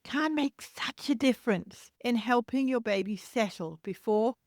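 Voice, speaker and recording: A woman hosts a solo parenting podcast in a gentle, reassuring voice, as if teaching a class. Her speech sounds close and dry, with no room sound around it. She pauses now and then to imitate a baby's cry. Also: a little high, lively intonation, dry recording. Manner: imitates baby cries to demonstrate. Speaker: podcast host and childcare educator.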